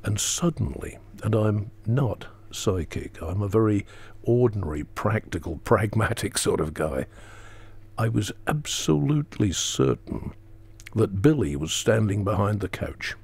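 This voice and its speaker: A man telling a personal story as a talk show guest, earnest and slowing down for emphasis. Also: fairly low pitch, expressive, creaky, darkish tone, breathy edge. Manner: earnest, dramatic pauses, acts out quotes; slows for emphasis.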